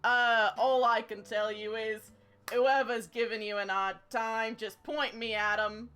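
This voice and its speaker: Brief: woman playing a rough salt-of-the-earth Cockney boxer, eager to brawl, unhurried. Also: on the high side, steady tone, pushed and bright. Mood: protective. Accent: put-on Cockney. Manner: over-eager, chummy, offers to fight. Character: gruff working-class man, eager amateur boxer. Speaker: game master voicing a character.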